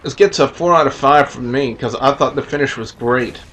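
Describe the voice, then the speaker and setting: A man's voice: medium pitch, normal speed, fairly bright tone. A man giving a casual, rambling review of a wrestling show and rating each segment out of five, with lots of "uh" and "you know". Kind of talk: casual spoken review with scores.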